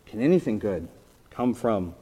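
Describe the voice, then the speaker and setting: A man preaching a sermon in a conversational storytelling manner, briefly acting out the people in the story and dropping to a soft voice for emphasis. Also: lowish voice, animated, normal speed, breathy edge. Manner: conversational storytelling, voicing biblical characters, drops to soft emphasis. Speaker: pastor.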